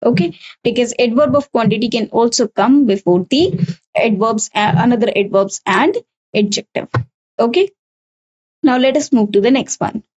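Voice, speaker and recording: Higher-voiced Indian English grammar teacher. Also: female voice, moderate pace, darkish tone, poor audio. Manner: explanatory, repeats key points, frequent "okay" and "uh". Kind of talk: recorded exam-prep lesson.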